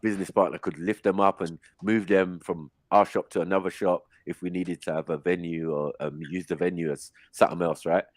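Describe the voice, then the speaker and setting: A man hosting a casual chat, telling stories in a lively, slangy way. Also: low-pitched, a little fast, few pauses, dry recording. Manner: animated storytelling, slangy. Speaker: host.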